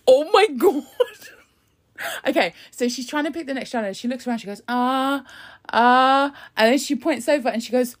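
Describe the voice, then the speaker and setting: A woman's voice: sits high, brisk, darkish tone. A woman giving casual, sarcastic live commentary, laughing often and throwing in sassy asides. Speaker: live commentator on a press conference.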